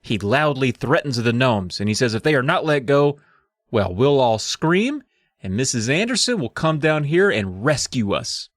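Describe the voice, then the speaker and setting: Male co-host retelling a plot, mock-dramatic, lively pitch, dry close mic. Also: moderate pace, no echo. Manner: storytelling, profane, mock-dramatic. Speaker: podcast co-host. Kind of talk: casual chat recapping a book.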